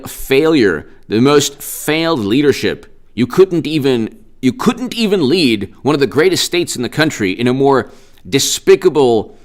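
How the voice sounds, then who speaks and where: A man hosting a political commentary live stream, speaking sarcastically and in an animated way and often repeating himself. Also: medium pitch.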